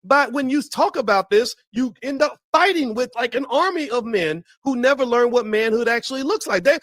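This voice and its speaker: Guy with a high voice ranting to his viewers, fired up and preachy, dry close sound. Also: lively intonation, moderate pace, hardly any pauses, fairly bright tone, no echo. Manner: impassioned, preachy, addresses viewers directly. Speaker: commentator. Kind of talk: opinion commentary.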